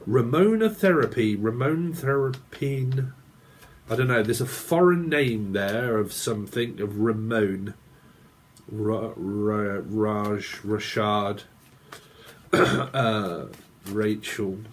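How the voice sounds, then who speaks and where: A man's voice: lowish voice, very slow, slight background noise. A man giving a rambling tarot reading, free-associating aloud, muttering strings of names and chuckling to himself. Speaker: tarot reader.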